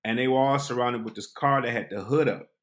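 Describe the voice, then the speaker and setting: A man tells a funny story from his own life, animated and lively, leaning into each scene. His pitch sits mid-range, and he slips into voices for the people in it. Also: a little fast. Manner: animated, acts out voices and quotes. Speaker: podcast host. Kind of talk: comic storytelling.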